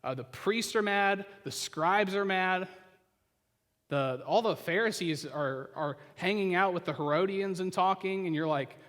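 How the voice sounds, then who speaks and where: A male pastor preaching a sermon, retelling the story as if the listener were there and dropping to quiet asides. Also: high voice, a little slow. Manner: storytelling, puts the listener into the scene. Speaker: senior pastor. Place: church sanctuary. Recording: reverberant church hall.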